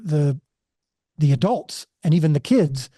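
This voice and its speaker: A man's voice: a little high, expressive, unhurried, mellow, breathy edge, no echo, studio quality. A man guest on a podcast interview, telling a personal story earnestly and with animation, often restarting his sentences. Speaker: filmmaker guest.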